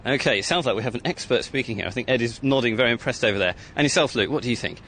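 Brisk male radio reporter outdoors. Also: medium pitch, animated, a bit bright, slight background noise. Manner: brisk, chatty presenting. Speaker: outside-broadcast reporter. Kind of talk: live radio outside broadcast.

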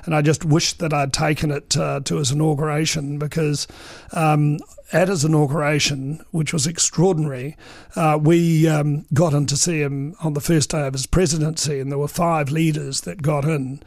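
A gravelly-voiced New man in his sixties spins long anecdotes, peppering them with ums and uhs. His voice sits a touch high for a man, and the sound is close and dry with no room around it. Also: little pitch movement, normal speed, a little mellow, no room sound. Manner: chatty, full of ums and uhs, acts out quoted dialogue. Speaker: veteran political journalist. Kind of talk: anecdotal interview storytelling.

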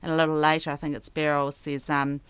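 Brief: New woman, radio guest, low smooth voice, dry close sound, eager and reflective. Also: little pitch movement, quick pace, a bit bright, no room sound. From New Zealand. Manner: enthusiastic, thoughtful, frequent restarts. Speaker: radio interview guest, poet. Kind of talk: casual radio conversation.

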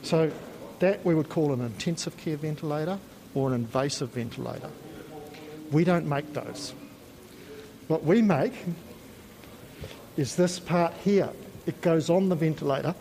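Slightly high-voiced New Zealand man explaining. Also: unhurried, gravelly, pauses often, dark tone, low-quality recording. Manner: patient, explanatory, with frequent ums. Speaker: company spokesperson giving a tour. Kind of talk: technical explanation on a factory tour. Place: factory and laboratory.

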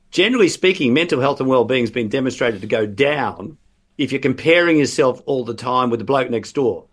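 Australian male academic guest, lively explainer, acts out examples in quotes. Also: mid-range voice, slightly rough. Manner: animated explaining, quoting imagined patients. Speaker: professor, guest expert. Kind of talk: radio interview.

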